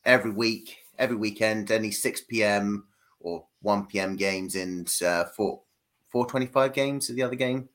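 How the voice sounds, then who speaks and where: A man's voice: lowish voice, steady tone, normal speed, fairly bright tone. Laid-back British man, podcast guest. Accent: British English. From United Kingdom. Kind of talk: casual podcast chat.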